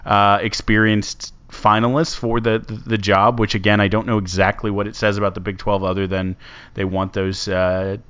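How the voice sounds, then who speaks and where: A man hosting a casual sports podcast, talking in a rambling, halting way. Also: on the low side, flat delivery, a bit bright, clear, resonant tone. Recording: dull lo-fi sound.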